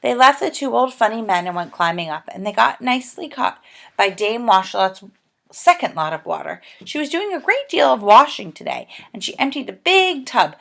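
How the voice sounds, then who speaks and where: A woman reading a children's book aloud with gentle, expressive storytelling. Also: fairly high pitch, moderate pace, creaky. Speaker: reader.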